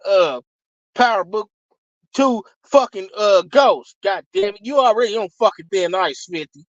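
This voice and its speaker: A man reviewing a TV episode in a casual, heated rant, swearing constantly, sometimes shouting, and often saying "you know what I'm saying.". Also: sits high, no room sound, dull audio. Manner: profane, heated, shouts in bursts.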